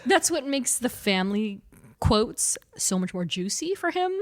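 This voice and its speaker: A woman co-hosting a podcast in casual chat, animated and laughing often, bursting into loud acted-out quotes. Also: on the high side, measured pace, no echo, studio quality. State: short on sleep. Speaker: podcast co-host.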